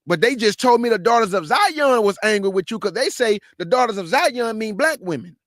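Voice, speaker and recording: A man with a very high voice hosts an informal scripture lesson. He talks in a slangy, conversational way and poses rhetorical questions to his listeners. The recording is dry, with no room sound. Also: expressive, fairly quick, fairly bright tone, no room sound. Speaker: host and Bible teacher.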